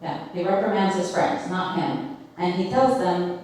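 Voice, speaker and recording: Leading a Bible study in a conversational way, a woman quizzes the group and fills her speech with fillers. Her voice is on the low side and darkish, animated yet measured in pace. It's captured from afar in a heavily echoing room.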